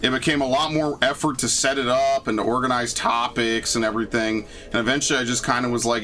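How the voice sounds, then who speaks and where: Rambling profane young gaming host. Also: male voice, mid-range voice, fairly even intonation, fast talker, few pauses, pushed and bright, a little hiss or hum. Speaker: gaming YouTuber. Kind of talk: casual let's-play commentary.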